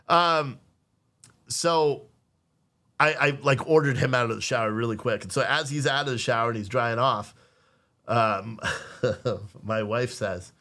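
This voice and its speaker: A man's voice: medium pitch, pushed and bright. A man in his thirties rambles through a family story on his podcast. He swears freely and acts out the lines of his kids and wife. He keeps breaking off to restart. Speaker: podcast host. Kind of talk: casual storytelling on a live stream.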